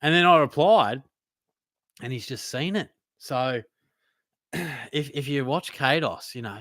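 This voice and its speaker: A young Australian man in his twenties hosts a live Q&A, reading chat questions aloud in casual, laid-back banter. His mid-range voice is expressive and fairly bright, delivered slowly with long pauses. The recording is dry, with clean studio sound.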